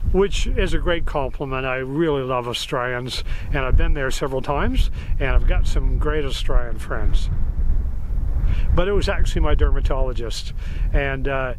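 A man's voice: mid-range voice, slight background noise. A man narrating a casual how-to vlog in a friendly, chatty way. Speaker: vlogger.

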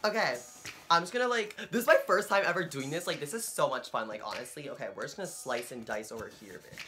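A man hosting a casual unboxing vlog, talking in a hyper, excitable way and swearing constantly. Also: medium pitch, quick pace, heavy background noise. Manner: hyper, excitable and heavily profane. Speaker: vlogger. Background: music.

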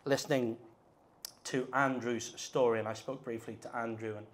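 A middle-aged man preaching a sermon at a conference, earnest, moving between hushed and emphatic delivery. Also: mid-range voice, fairly even intonation, moderate pace. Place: conference hall.

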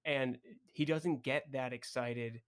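A man's voice: medium pitch, fairly even intonation, slow pace, clear, resonant tone. A young man co-hosting a podcast, chatting casually and enthusiastically about a film, full of "like" and "right?". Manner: enthusiastic, many "like" and "right?" fillers. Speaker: podcast co-host.

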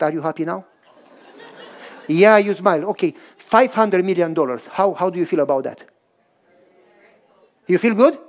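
A man preaching a sermon to a live audience, telling a story and acting out both sides of a dialogue while questioning his listeners directly. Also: high-pitched. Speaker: pastor.

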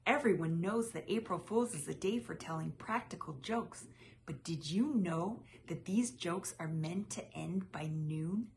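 A woman reading a children's picture book aloud as a channel host, with lively, expressive storytelling. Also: fairly low pitch, measured pace, a little hiss or hum.

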